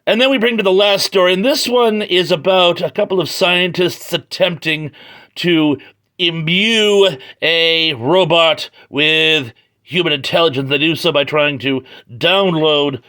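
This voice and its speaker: Jokey comic reviewer, male, bright, slightly high voice, casual garage recording. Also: measured pace. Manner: joking, chatty, wry asides. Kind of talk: casual read-through review. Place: home garage.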